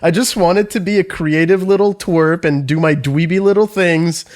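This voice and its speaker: A man co-hosting a podcast, telling school stories in a casual, profane, animated way with lots of swearing. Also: fairly high pitch, normal speed. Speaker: podcast co-host. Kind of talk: casual chat.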